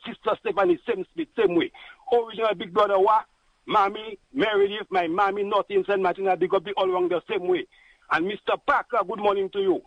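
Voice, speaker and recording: Fervent high-pitched Dominican male caller. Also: no room sound. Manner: fervent, rambling, repeats catchphrases. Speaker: radio caller. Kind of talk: call-in political commentary. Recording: dull lo-fi dry radio line.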